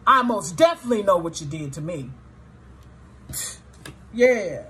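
A tarot reader with a lowish, animated voice speaks a little slowly, her tone bright and forceful with a breathy edge. Blunt and frequently profane, she addresses her viewers directly, swinging between sorrow and indignation as she reads.

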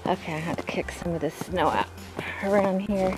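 A woman's voice: on the low side, moderate pace, darkish tone, soft background music. A woman chatting to herself on a snowy outdoor vlog, breathless and laughing often. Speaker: vlogger. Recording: noisy outdoor recording.

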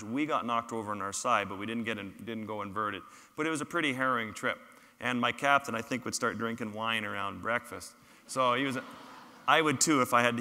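A man with a bright, forceful voice tells his field stories to a lecture hall audience. His words ring out on a stage microphone with a long reverb trailing after them. His humor is self-deprecating. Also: lowish voice. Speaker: photographer giving a public talk. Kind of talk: storytelling lecture with slides.

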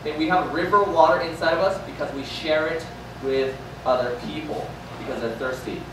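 A man's voice: on the high side, a little fast, background noise. A male pastor preaching a sermon, asking the congregation questions and repeating key lines. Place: large echoey church hall. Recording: echoey hall from far off with faint ambience.

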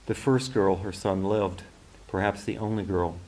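A man, an author, reading his novel aloud in a measured, deliberate way at a university reading. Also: low-pitched, fairly even intonation, darkish tone, rough recording.

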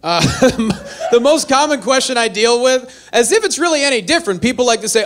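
A man performing a stand-up comedy set, telling animated, self-deprecating stories. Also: very high-pitched, normal speed, a little hiss or hum. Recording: live venue with faint audience.

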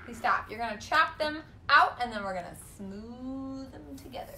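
A woman in her thirties teaching an online kindergarten phonics lesson from home, prompting words with bouncy, clearly enunciated delivery. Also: high-pitched, animated, moderate pace, bright, forceful tone, slight background noise. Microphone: phone camera. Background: guitar played alongside.

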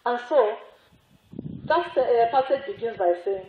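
A religious sister giving a sermon, telling a story with repetition and emphatic rising exclamations. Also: female voice, a little high, animated, a little slow, pauses often. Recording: echoey, phone-like narrow sound.

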